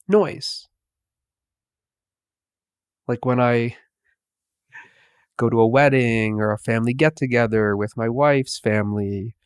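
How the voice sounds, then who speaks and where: Slow, soft-spoken male spiritual teacher. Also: mid-range voice, clear, resonant tone, no room sound, clean studio sound. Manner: slow, pausing, softly spoken. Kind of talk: meditative spiritual talk.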